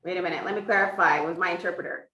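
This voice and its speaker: A woman's voice: lowish voice, fairly even intonation, racing, pushed and bright, slight background noise. A woman interpreting for a teacher, voicing a sign language lesson in the first person and explaining each point step by step. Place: classroom for a hybrid in-person and online class. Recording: echoey room from far off.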